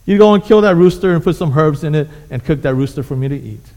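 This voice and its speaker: A man voicing a gravely ill farmer's wife who insistently gives her husband orders, in an echoey hall. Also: fairly high pitch, lively intonation, fast, a little mellow. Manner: insistent, demanding.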